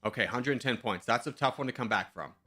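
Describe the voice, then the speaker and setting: A man's voice: mid-range voice, quick pace, bright, forceful tone, soft background music. A male streamer in casual live-stream commentary, thinking aloud in a chatty, self-mocking way.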